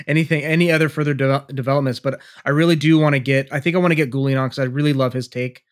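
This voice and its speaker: A man's voice: medium pitch, steady tone, quick pace. A man co-hosting a podcast in casual chat over a remote call from his garage, laid-back and loose. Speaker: podcast co-host.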